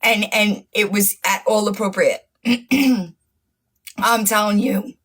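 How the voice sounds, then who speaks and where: A woman's voice: mid-range voice, flat delivery, takes it slowly, fairly bright tone. A woman hosting a casual livestream, mocking and profane, laughing often and losing her voice. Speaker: livestream host.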